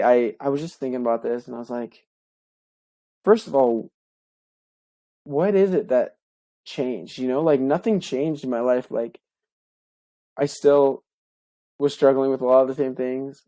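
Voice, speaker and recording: A young man, a podcast co-host, telling a heartfelt personal story in a casual, halting way with many fillers and restarts. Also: medium pitch, warm tone, dry recording.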